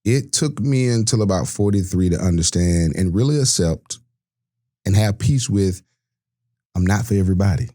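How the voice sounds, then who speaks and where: A man's voice: low-pitched, lively intonation, moderate pace, mellow. A man, a podcast guest telling his life story in an earnest, reflective way. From Georgia, US. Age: 40s. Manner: earnest, reflective, with many restarts. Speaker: podcast guest, sports broadcaster. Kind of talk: candid personal storytelling.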